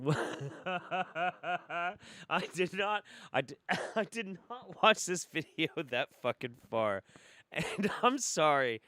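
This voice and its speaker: A man's voice: a little high, lively intonation, takes it slowly, sharp tone, no room sound. A man hosting a reaction commentary show, swearing freely and breaking into incredulous laughter. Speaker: host.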